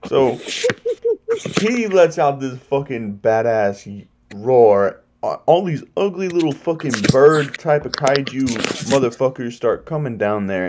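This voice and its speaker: A man's voice: medium pitch, a little hiss or hum. A man casually retelling a movie's plot in a spoiler review, swearing freely and acting out scenes. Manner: profane, animated plot retelling.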